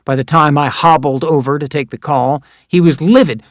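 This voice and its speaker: A man narrates a first-person memoir audiobook with a measured, wry, matter-of-fact delivery. His voice sits a little higher than most men's and is recorded close on a dry studio mic. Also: dry recording.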